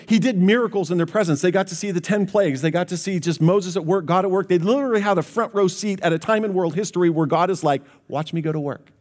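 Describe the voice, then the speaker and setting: Pastor, man, slightly high voice, earnest sermon delivery straight to the congregation. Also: darkish tone. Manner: earnest, direct address to congregation.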